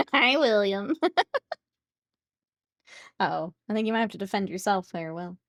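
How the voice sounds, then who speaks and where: A woman's voice: lowish voice, moderate pace, no echo, clean studio sound. A woman streaming while she paints miniatures, chatting playfully with viewers and laughing often. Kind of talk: casual chat with live chat while painting.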